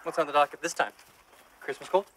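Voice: mid-range voice, steady tone, quick pace, fairly bright tone, a little hiss or hum, lightly acted. An actor playing Roo, a wisecracking undead cemetery night watchman, in a horror-comedy short film. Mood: wry.

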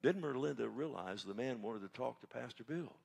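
A man's voice: mid-range voice, lively intonation, a little fast, gravelly, darkish tone. Preacher guy in a church, folksy sermon, keeps asking the crowd "amen?". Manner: folksy, conversational, asks the congregation for responses. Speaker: pastor. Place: church sanctuary.

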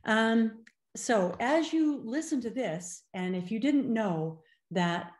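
Mellow-voiced middle-aged woman presenting. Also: medium pitch. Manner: measured, explanatory, frequent ums. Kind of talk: conference presentation. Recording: roomy echo.

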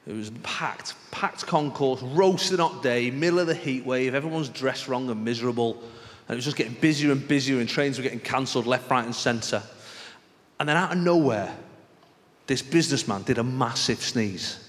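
A man's voice: medium pitch, normal speed. A man with a northern English accent, doing a chatty stand-up comedy routine on a theatre stage. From northern England. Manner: chatty, conversational, frequent "right?" asides. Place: theatre stage with live audience. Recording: roomy live theatre recording with audience noise.

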